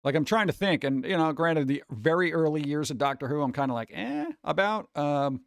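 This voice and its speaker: A man's voice: fairly high pitch, a little fast, clean tone, no echo, studio quality. A man chatting casually with viewers on a live stream, rambling, humming and scatting to himself, his throat a little sore.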